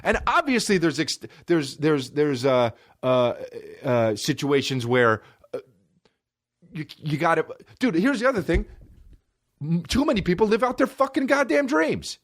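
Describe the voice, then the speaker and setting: A man hosting a podcast, ranting in a profane, mocking, animated comic way into a close mic. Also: on the high side, a little slow, no echo. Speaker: podcast host. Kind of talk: solo comedic rant.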